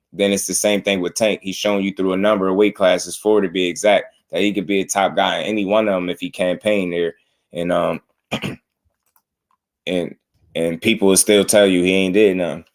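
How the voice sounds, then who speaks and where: Deep-voiced laid-back livestream host. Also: male voice. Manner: laid-back, laughing, talks to chat. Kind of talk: casual livestream commentary.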